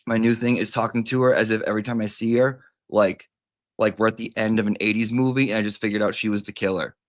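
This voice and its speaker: A man's voice: fairly low pitch, steady tone, fast talker. A man chatting casually as a host, rambling and playful, and now and then calling his cat in a sing-song voice. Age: adult with a daughter. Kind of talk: casual livestream chat.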